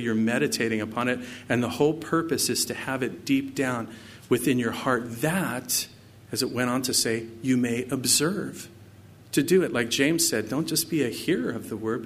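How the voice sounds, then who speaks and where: A man preaching a sermon, mixing personal stories with scripture readings in a conversational way. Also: mid-range voice. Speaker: pastor.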